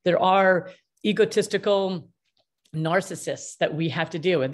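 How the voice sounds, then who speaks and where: A middle-aged woman, a mediator answering interview questions in an energetic, emphatic way and acting out the dialogue she quotes. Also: fairly low pitch, unhurried. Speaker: mediator and author.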